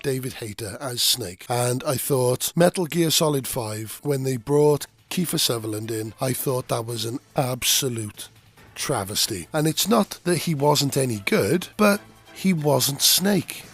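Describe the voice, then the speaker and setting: A man hosting his own gaming channel, speaking in a blunt, animated, opinionated monologue and swearing freely. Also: mid-range voice, unhurried, husky, soft background music.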